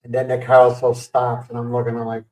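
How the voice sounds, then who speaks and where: This livestream host speaks fast in a medium-pitched voice, animatedly acting out quotes during a casual storytelling chat from his home setup. The distant mic picks up plenty of echo from the room.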